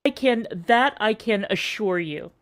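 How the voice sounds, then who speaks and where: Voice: mid-range voice, animated, measured pace. A guest on a stream, speaking assertively and with emphasis. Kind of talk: casual chat.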